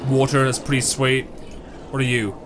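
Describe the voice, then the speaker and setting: A man giving live reaction commentary over gameplay, excitable, swearing, and talking back to the game. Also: medium pitch, moderate pace, noisy background. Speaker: gaming channel host. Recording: game music underneath.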